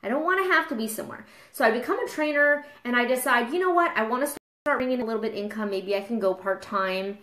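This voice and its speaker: Candid mom talking in an echoey room. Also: female voice, on the high side, fast, hardly any pauses, a bit bright. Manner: candid, confessional, gets emotional. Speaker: mom and fitness trainer. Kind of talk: casual live video talk.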